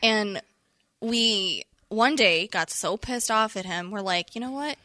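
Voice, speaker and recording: A young woman from Western New York co-hosting a podcast, chiming in bluntly with profane asides and quick back-and-forth. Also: medium pitch, bright, forceful tone, no room sound. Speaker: podcast co-host. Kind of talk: casual chat.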